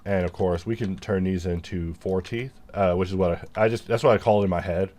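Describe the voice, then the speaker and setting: This man's voice is low, warm, and steady, and he talks briskly over slight background noise. He's a 3D modeler demonstrating his workflow, offering casual, rambling commentary full of self-mocking humor as he models.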